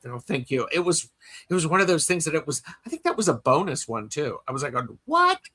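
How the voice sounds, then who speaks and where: A man's voice: fairly high pitch, lively intonation, fast, fairly bright tone, husky. A man hosting a podcast in casual chat, telling stories in a rambling way with many fillers and restarts. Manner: reads listener comments aloud. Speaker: podcast host.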